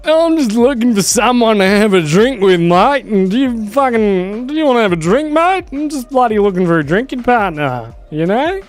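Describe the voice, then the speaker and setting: A man's voice: high voice, sing-song, normal speed, few pauses, pitched above the performer's own voice. Man putting on a squawky rowdy boozer. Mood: boozy. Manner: rowdy, slurring slang, swaggering. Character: loud boozy male drifter itching for a drink.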